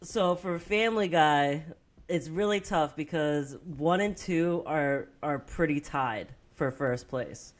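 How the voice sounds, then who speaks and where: A woman's voice: low-pitched, slow. A young woman co-hosts a casual movie podcast and tells scenes back in a loose, rambling way. She leans on "like" constantly, swears freely, and keeps laughing at her own retellings. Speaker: podcast co-host. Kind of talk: casual movie-review chat.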